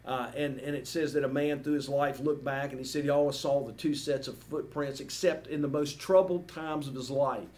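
A man's voice: mid-range voice, steady tone, normal speed, few pauses, darkish tone, slight background noise. A man preaching a sermon as pastor, earnest and emphatic, asking the congregation repeated rhetorical questions and ending with a prayer.

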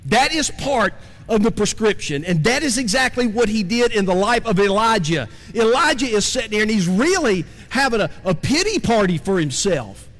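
A male pastor preaches with a high, lively voice that swings up and down as he talks. He keeps it conversational and turns to his listeners with questions. The sound carries a long reverb, as if from a large sanctuary. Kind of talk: sermon.

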